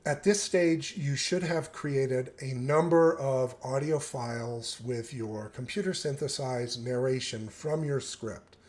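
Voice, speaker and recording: A man presenting a step-by-step software tutorial, explaining calmly with occasional fillers. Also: medium pitch, slow, hardly any pauses, no room sound.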